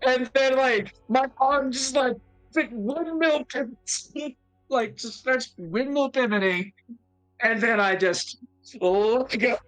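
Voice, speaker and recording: A woman's voice: on the high side, takes it slowly, a bit bright, faint music behind, poor audio. A woman playing in a tabletop game who describes her character in a rambling, giggly way. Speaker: player.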